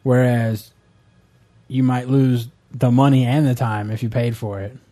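A man's voice: mid-range voice, fairly even intonation, unhurried, dark tone. A man chatting casually, rambling and joking, often trailing off mid-sentence. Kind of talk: casual chat.

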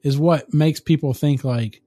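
A man casually recapping a movie on a podcast, animated and profane, often laughing through the story. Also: a little high, a little slow, no echo, studio quality, soft background music. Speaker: podcast co-host.

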